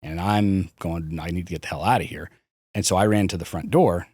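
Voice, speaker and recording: A man's voice: deep voice, a little fast, darkish tone, breathy edge, no echo, studio quality. A man, a podcast guest, candidly recounting his childhood, swearing freely and restarting his sentences. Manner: frank, swears, hesitant restarts. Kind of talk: candid personal storytelling.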